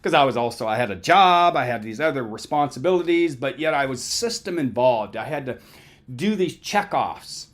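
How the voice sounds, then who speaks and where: A man's voice: mid-range voice, expressive, normal speed. A middle-aged man lecturing as a counselor, conversational and emphatic, often checking in with "right?". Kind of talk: motivational talk.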